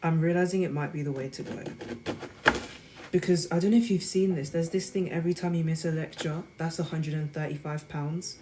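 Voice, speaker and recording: A woman's voice: low voice, fairly even intonation, a little fast. A young woman in her twenties, chatting casually to viewers while she cooks. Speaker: student vlogger. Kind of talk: casual chat while cooking. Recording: loud background noise.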